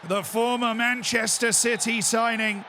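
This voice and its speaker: A man voicing an excitable football commentator, shouting drawn-out goal calls. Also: very high voice, a little hiss or hum, pitched above the performer's own voice, exaggerated voice. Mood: ecstatic.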